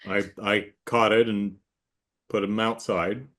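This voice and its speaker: A man's voice: fairly low pitch, flat delivery, slow pace, fairly bright tone. A man hosting a casual chat with his sister, telling a rambling story and acting out the voices in it. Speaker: host.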